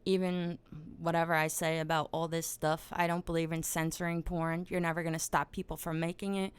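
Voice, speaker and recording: A woman's voice: deep voice, flat delivery, a little fast, clean tone. A blunt, profane woman podcast host. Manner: blunt and profane, grows loud and heated. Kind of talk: casual opinionated monologue.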